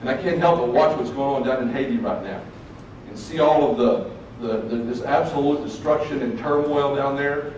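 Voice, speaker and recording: A man's voice: medium pitch, normal speed, darkish tone. A man giving a motivational speech to students in an earnest, folksy way, talking straight to the audience. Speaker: motivational speaker. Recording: very echoey, distant mic, faint noise.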